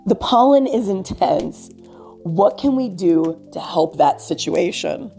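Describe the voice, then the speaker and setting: A woman hosting a podcast, asking questions in a gentle, apologetic, casual interview manner. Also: medium pitch, lively intonation, takes it slowly, soft background music. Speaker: podcast host.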